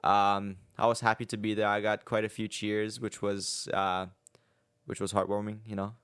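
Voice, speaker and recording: A young man co-hosting a podcast, talking in a relaxed, rambling way with many fillers. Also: fairly low pitch, normal speed, clean tone, no room sound, clean studio sound. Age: young adult. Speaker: podcast co-host. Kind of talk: casual chat.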